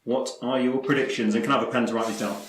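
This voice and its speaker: A man's voice: medium pitch, steady tone, rapid-fire. Man hosting, dry asides. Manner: leads the segment, dry asides. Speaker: podcast host this week. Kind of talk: casual chat. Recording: echoey room, faint noise.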